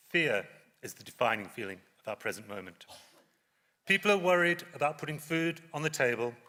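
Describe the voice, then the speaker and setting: A man from Wales giving an impassioned party leader's speech on stage, dropping his voice low for emphasis. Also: bright, forceful tone. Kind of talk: conference speech. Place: large conference hall on stage. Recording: long hall reverb.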